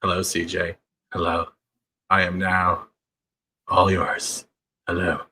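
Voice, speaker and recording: A man putting on an eerie deep greeter. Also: completely flat delivery, slow, pushed and bright, a little hiss or hum, exaggerated voice. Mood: creepy.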